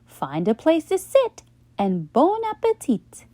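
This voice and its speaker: A woman voicing a brisk, firm schoolteacher announcing to her class. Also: sits high, huge pitch swings, dark tone, no echo, clean studio sound, pitched above the performer's own voice, exaggerated voice. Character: brisk female schoolteacher, kind but firm.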